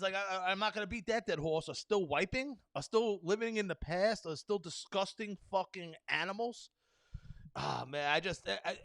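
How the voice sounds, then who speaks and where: A man hosting a solo podcast, ranting in a rambling, profane stream full of fillers. His voice sits high and sounds bright and sharp. The recording is close and dry, with no room sound. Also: no room sound. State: tired. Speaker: podcast host.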